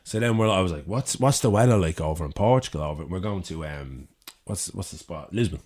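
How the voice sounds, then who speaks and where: A young Dublin man with a very deep voice tells a rowdy story on a podcast, swearing freely and acting out the voices of the people in it. His Irish accent comes through in every line. The talk is loose and chatty. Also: fairly quick. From Ireland. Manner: animated, profane storyteller acting out quotes. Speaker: podcast co-host. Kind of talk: casual chat, storytelling. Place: city studio with door open.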